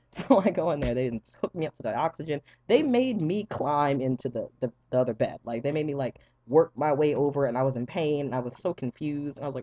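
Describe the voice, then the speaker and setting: A young man telling a wild personal story to camera in a casual, animated way, acting out the voices of the people in it and swearing freely. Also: on the high side, highs cut off. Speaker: vlogger.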